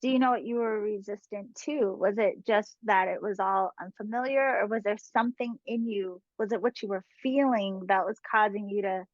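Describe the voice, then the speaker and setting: A woman's voice: mid-range voice, normal speed, few pauses, no echo. A woman hosting a podcast, asking her guest curious, open questions. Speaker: podcast host. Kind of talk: interviewing a guest. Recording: dry, slightly dull lo-fi audio.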